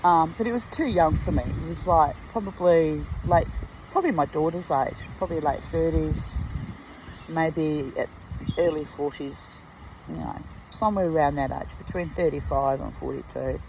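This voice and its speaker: A low-voiced Australian woman in her sixties, speaking at a moderate pace with background noise behind her, tells a rambling personal story at home near a garden. She's a vlogger, and her casual storytelling monologue is full of asides and laughter.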